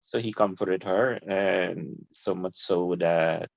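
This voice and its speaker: Low-voiced man telling his story. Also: takes it slowly, vocal fry. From Guyana. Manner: animated storyteller, loose informal grammar, laughs easily. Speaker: guest. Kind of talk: casual interview storytelling. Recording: dull lo-fi, dry.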